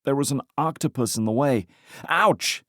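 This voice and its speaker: In an audiobook, a man voices an injured young man who jokes his way through it, in a wry mood. The voice is medium-pitched, a bit bright and moderately paced, natural yet pitched above the performer's own voice, recorded at studio quality with no room sound.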